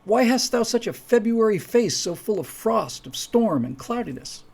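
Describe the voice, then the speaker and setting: A man playing a weary male traveler, reciting Shakespearean lines in a raised, theatrical, gravelly voice. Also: high voice, very animated, normal speed, darkish tone, pitched above the performer's own voice, full character voice. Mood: uneasy. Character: weary man traveling with his brother, reluctant and uneasy.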